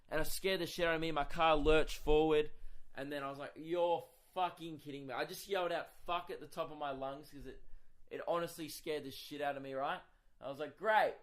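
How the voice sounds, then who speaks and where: A young Australian man, a comedian hosting his own podcast, tells a story in an exasperated, profane, animated rant. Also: on the high side. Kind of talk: casual comic storytelling monologue.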